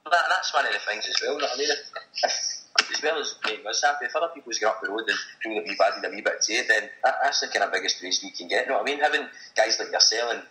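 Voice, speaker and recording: A man's voice: lowish voice, rapid-fire, pushed and bright, echoey room, rough recording. A Scottish man telling a story as a guest in casual chat, swearing freely and laughing as he talks. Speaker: guest, supporters' group member.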